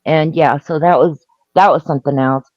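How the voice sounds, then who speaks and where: A woman telling a story on a live stream in a halting way, laughing and restarting her sentences. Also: low-pitched, fairly even intonation, no echo, lo-fi sound. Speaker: guest storyteller. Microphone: video call.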